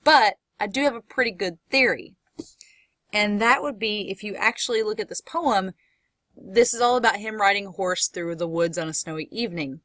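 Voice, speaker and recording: A woman professor giving a recorded lecture, explaining step by step and reading poetry aloud slowly. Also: mid-range voice, a bit bright, no room sound.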